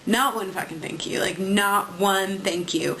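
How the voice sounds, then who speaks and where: A woman's voice: medium pitch, a little slow, fairly bright tone, a little hiss or hum, poor audio. Chatty young woman venting to webcam. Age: 20s. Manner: chatty, peppered with "like" and swearing. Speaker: vlogger. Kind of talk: casual venting monologue.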